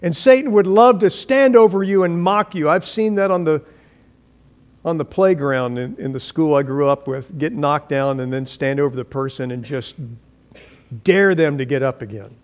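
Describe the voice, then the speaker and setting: A male pastor preaching to his congregation in church. His voice sits a little high for a man, and he tells his stories dramatically, putting on voices for the people he quotes. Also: normal speed. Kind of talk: sermon.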